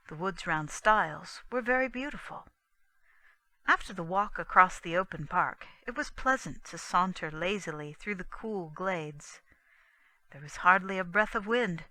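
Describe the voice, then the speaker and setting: A woman narrating a classic mystery novel in a calm, deliberate reading. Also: lowish voice, rough recording. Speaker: audiobook narrator. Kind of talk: scripted narration.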